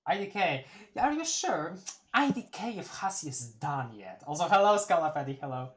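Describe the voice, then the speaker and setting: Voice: mid-range voice, animated, a little fast. A streamer doing a casual live read-through of a webcomic, giggling, rambling and restarting words. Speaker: streamer reading a webcomic aloud.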